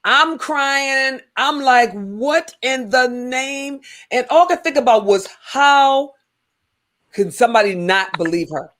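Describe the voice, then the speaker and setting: A woman's voice: high-pitched, a little slow. Woman host telling a story animatedly. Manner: animated storytelling, many restarts. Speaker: podcast host. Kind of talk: casual chat.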